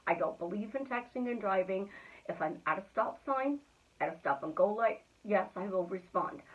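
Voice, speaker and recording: A middle-aged woman giving a motivational self-help talk. She speaks earnestly and repeats affirmations in a steady rhythm. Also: fairly low pitch. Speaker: manifestation coach. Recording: thin phone-like sound, distant from the mic.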